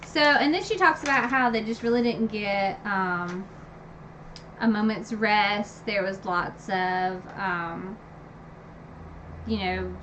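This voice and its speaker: A woman casually retelling a fantasy novel's ending, animated and gushing, with lots of fillers and sudden high squeals when excited. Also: takes it slowly, slight background noise, rough recording. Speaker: book review vlogger. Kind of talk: casual book recap.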